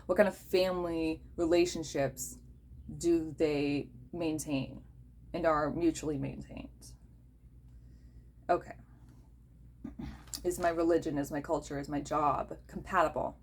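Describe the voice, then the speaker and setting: A woman's voice: sits low, steady tone, measured pace, long pauses, a little mellow, a little hiss or hum. A woman hosting a casual talk, blunt and profane, who keeps checking in with the listener by asking "okay?". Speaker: host.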